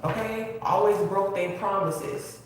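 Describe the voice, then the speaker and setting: Tarot reader, earnest and repetitive, unhurried delivery; distant mic with faint hiss. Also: medium pitch, very echoey. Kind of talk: spiritual tarot reading, casual.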